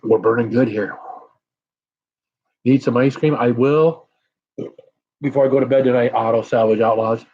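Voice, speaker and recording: A man's voice: medium pitch, darkish tone, husky, lo-fi sound. A middle-aged man hosting a casual live stream, chatting with viewers and blowing out breaths while his mouth burns from hot peppers. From United States. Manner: sighing and blowing out breaths from chili burn.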